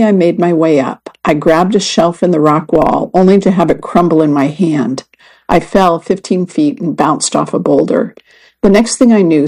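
A woman reading a first-person magazine story and article aloud in an even, measured way. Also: fairly low pitch, breathy edge, poor audio. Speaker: reader. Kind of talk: scripted narration of a magazine story.

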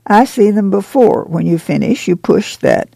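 A worn, proud migrant mother speaking plain rural dialect, put on by a male reader. The voice is gravelly and dark, a bit higher than the reader's own. It is recorded dry and close, as for an audiobook. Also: expressive, normal speed, no echo, full character voice. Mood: amused. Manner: plain rural dialect, firm then humbled.

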